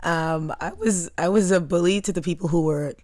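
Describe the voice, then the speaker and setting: Brief: young woman from Long Island, lower voice, comic storyteller, animated and laughing, dry close mic. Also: moderate pace, no echo. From Long Island, New York. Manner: animated, laughs through her stories. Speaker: comedian guest. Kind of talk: casual podcast storytelling.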